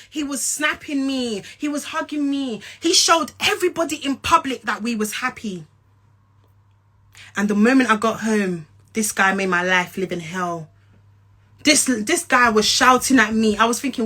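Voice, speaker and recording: A young woman with a London and Essex accent delivers an angry rant straight to camera. Her voice sits high and sounds bright and sharp. She talks bluntly and profanely, confronting her listener and hammering her points home by repeating them. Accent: London and Essex English. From England. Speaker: social media personality.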